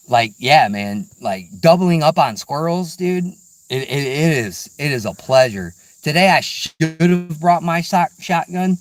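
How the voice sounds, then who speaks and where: A man's voice: medium pitch, no room sound. A middle-aged man vlogging casually outdoors, rambling and laid-back, peppering his talk with "dude" and "man". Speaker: hunting vlogger. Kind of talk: casual outdoor vlog chat. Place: outdoors in woods.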